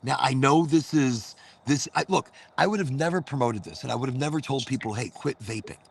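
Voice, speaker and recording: A man's voice: medium pitch, a little fast, vocal fry, slightly rough. A man hosting a casual chat, talking loosely and rambling with lots of swearing. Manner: loose, profane, rambling storyteller. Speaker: host.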